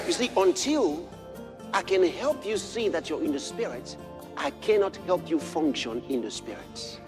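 A man preaching a sermon. He moves from quiet storytelling to shouted exhortation and quotes scripture in old-fashioned wording. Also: fairly high pitch, expressive, moderate pace, over music.

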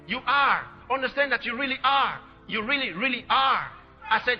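High-voiced man preaching loudly. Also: expressive, moderate pace, big-room sound, loud music behind the voice. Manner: shouting, repetitive exhortation. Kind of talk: sermon. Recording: dull lo-fi sermon recording.

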